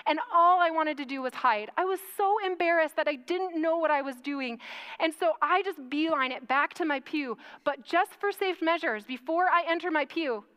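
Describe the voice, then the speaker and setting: High-voiced woman telling a funny church story. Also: moderate pace. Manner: animated, self-mocking storytelling with acted quotes. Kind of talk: storytelling sermon.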